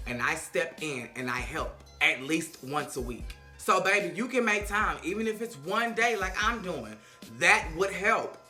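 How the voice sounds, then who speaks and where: Man, sassy show recap, animated, very bright, high voice. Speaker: reality TV recap commentator.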